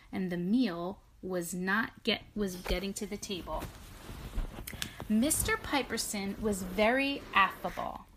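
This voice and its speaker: A woman reading a children's storybook aloud with long pauses, stopping to explain the story in casual chat. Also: medium pitch, a bit bright.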